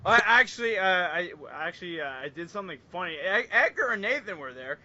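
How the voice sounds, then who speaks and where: Giggly young man from Canada, bright high voice. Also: very animated, a little fast, lo-fi sound. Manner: rambling, giggly storyteller with many fillers. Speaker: podcast co-host. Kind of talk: casual podcast chat. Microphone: online voice call.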